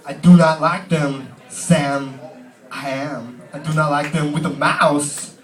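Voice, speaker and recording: A man doing an impression of a famous actor, with slow, halting, oddly stressed delivery, heard from a distant mic in a roomy pub. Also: on the high side, fairly even intonation, a faint crowd. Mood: deadpan.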